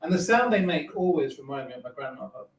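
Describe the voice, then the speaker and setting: Camp, animated man doing stand-up. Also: on the high side, fast. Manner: camp, self-mocking, lively delivery. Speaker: stand-up comedian. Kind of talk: stand-up comedy set. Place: live comedy club with audience. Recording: echoey club, distant mic, crowd laughter.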